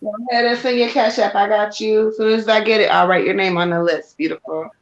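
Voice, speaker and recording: A woman's voice: mid-range voice, fairly even intonation, fast, highs cut off. A woman co-hosting a live stream, casually keeping the list of callers. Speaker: co-host keeping the reading list.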